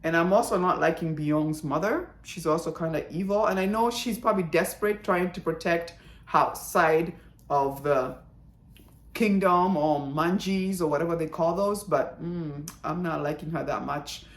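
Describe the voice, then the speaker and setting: A chatty woman talks through a drama review in a casual, animated way, slipping into the characters' lines as she retells scenes. Her voice sits a little low, and the room around her is echoey. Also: moderate pace.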